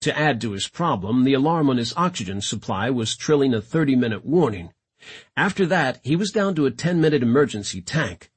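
A man narrating a science fiction audiobook in a dramatic, expressive reading style. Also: medium pitch, a little fast, slightly rough.

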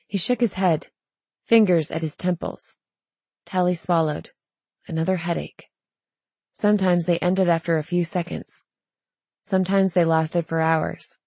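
A woman narrating a story in a measured, even reading voice. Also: fairly low pitch, no echo. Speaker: audiobook narrator. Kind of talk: scripted narration.

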